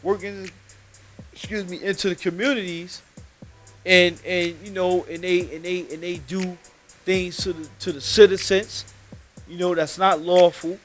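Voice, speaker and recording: A man's voice: high voice, little pitch movement, a little slow, soft background music. A man, telling a heated story on a live podcast from a studio and swearing often.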